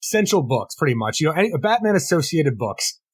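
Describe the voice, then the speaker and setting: A man co-hosting a casual comic book podcast, tossing in quick sarcastic quips. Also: fairly high pitch, big pitch swings, slightly rough, no echo. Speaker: podcast co-host.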